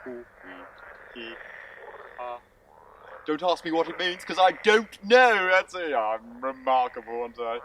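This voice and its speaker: A man's voice: a little high, a bit bright, slight background noise, rough recording. A man playing a pompous bragging firework rocket. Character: boastful self-important firework rocket, male. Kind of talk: audio drama acting.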